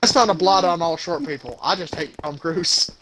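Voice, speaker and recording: Casting: young male podcast co-host, high voice, profane ranter, faint background hiss. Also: moderate pace, rough recording. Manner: ranting, profane, animated. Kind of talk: casual chat.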